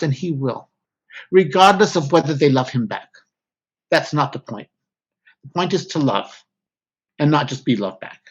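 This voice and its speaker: A man, a guest author, speaking candidly and reflectively in an interview, often breaking off mid-thought. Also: fairly high pitch. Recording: slightly dull lo-fi audio.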